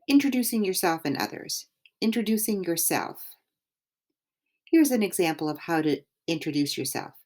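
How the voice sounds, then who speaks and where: A woman teaching beginner English, reading out polite phrases and short example dialogues slowly and clearly. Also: fairly low pitch. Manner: slow, clear, lively intonation.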